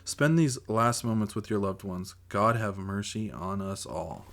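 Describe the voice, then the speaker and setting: A man's voice: on the low side, expressive, unhurried, vocal fry, fairly bright tone, full character voice. A man reading as a grave TV announcer. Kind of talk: audiobook character voice.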